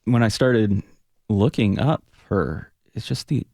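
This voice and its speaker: A man with a lowish, slightly mellow voice speaks slowly in a reflective radio studio interview, recorded dry. Both a Buddhist teacher and a punk rock frontman, he talks earnestly, repeatedly restarting and trailing off as he searches for the right words.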